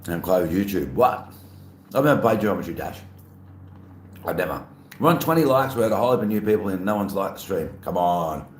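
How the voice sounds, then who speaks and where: A man's voice: low voice, lively intonation, brisk. A man casually chatting to his live-stream chat, playful and reading messages aloud. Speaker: livestreamer. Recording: echoey room, faint ambient noise.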